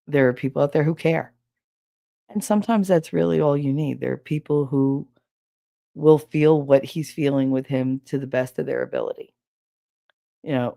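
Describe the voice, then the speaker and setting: A woman's voice: very deep voice, gravelly, warm tone, no echo, clean studio sound. A woman hosting a podcast, telling stories in a blunt, profane, casual way, laughing as she goes. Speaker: podcast host. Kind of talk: casual storytelling chat.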